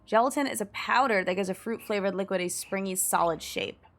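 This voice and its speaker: A woman's voice: medium pitch, a little fast, fairly bright tone, soft background music. A young woman streamer in casual live-stream chat, musing aloud and reading search results. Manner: chatty and musing, reads search results aloud with frequent laughs.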